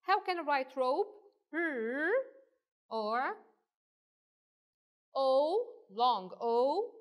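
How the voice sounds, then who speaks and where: A woman teaching a kindergarten phonics lesson, drilling letter sounds slowly and clearly in a patient, sing-song way. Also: high-pitched, sing-song.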